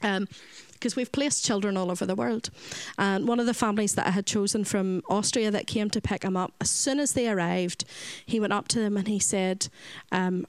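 A Northern Irish woman who runs a children's home gives an earnest faith testimony, acting out the voices of people in her story. Her medium-pitched voice is steady, clear and resonant, moving at a moderate pace with hardly any pauses. The recording is rough but has no room sound.

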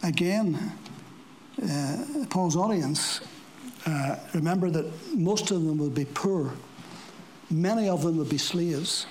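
Speaking plainly to his congregation during a church service, a preacher mixes rhetorical questions with dry asides and eases his pace for scripture passages. His mid-range voice is animated and darkish in tone. Poor audio adds a little hiss or hum.

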